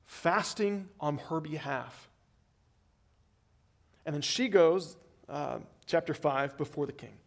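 A man's voice: on the high side, expressive, takes it slowly, pauses often. A male pastor preaching a sermon, retelling a story in a conversational way and acting out the characters' voices.

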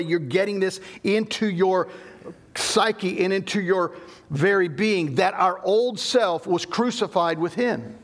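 A middle-aged man delivering a sermon in a notably high voice. His tone has a gravelly, creaky edge, and he teaches emphatically, stopping to restart phrases as he explains. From Southern United States. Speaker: pastor.

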